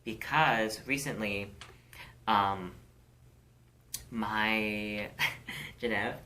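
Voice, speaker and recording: A woman's voice: a bass voice, drawn-out words, sharp tone, slight background noise. A woman co-hosting a casual podcast chat, candid and outspoken, swearing freely as she speaks with conviction. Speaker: podcast co-host.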